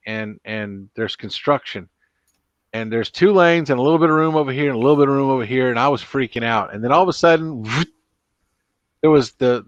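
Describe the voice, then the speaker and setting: A man's voice: medium pitch, no echo, dull audio. A man hosting a late-night live stream, chatting casually and rambling through road stories and corny jokes. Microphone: computer mic.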